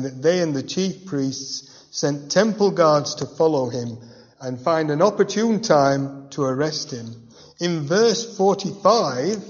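A man's voice: fairly high pitch, a little mellow. A man preaching a verse-by-verse Bible teaching in a conversational way, with personal asides and rhetorical questions. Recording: dull, reverberant hall sound.

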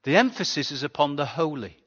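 A pastor giving a sermon in a chatty, conversational way, often asking the congregation rhetorical questions. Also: male voice, a little high, very animated, brisk, fairly bright tone. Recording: dull sound with long hall reverb.

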